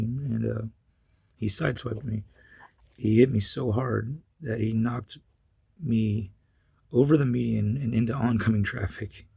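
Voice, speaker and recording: A man with a gravelly, husky voice, telling a personal story in a rambling way with many fillers and restarts. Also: medium pitch, warm tone, dry recording. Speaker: vlogger. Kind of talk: casual storytelling.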